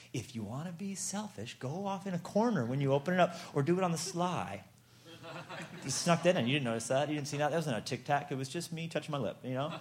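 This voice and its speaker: A man preaching a humorous sermon as a pastor, playful and storytelling, acting out little exchanges. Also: fairly high pitch.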